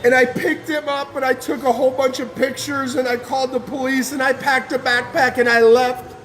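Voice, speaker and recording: A man's voice: very high-pitched, little pitch movement, moderate pace, a bit bright. A man giving an impassioned personal testimony as a guest speaker, fervent and emotional, with casual slang.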